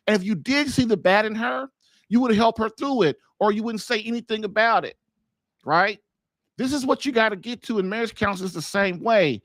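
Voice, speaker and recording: High-pitched guy giving blunt marriage-coach advice, casual and pushy, lots of "you know why?", dry close sound. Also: fairly bright tone, no echo. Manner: emphatic, informal, repeats points with rhetorical questions. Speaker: marriage coach and podcast host.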